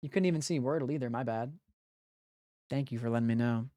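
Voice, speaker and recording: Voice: medium pitch, fast talker, dark tone, no echo, studio quality. A live streamer chatting casually with viewers while solving word puzzles, thinking aloud with blunt, profane banter. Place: home streaming room.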